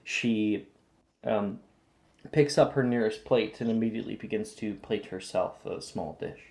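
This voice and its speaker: A man's voice: fairly low pitch, measured pace, darkish tone. A man narrating as game master of a tabletop role-playing game, loose and full of fillers.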